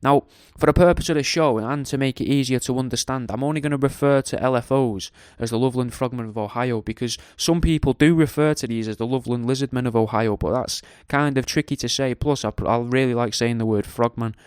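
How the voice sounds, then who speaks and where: A man's voice: mid-range voice, fairly quick, hardly any pauses, a little mellow, clean tone, no echo, clean studio sound. Joking man hosting a radio show. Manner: jokey, crude and digressive, tag questions. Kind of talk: casual rambling monologue.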